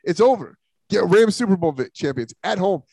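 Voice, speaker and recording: Brief: male sports-talk host, slightly high voice, dry close mic, blunt and opinionated, repeats himself when riled. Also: animated, fairly quick, vocal fry, mellow, no echo. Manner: opinionated, emphatic, stumbling restarts. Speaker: podcast host.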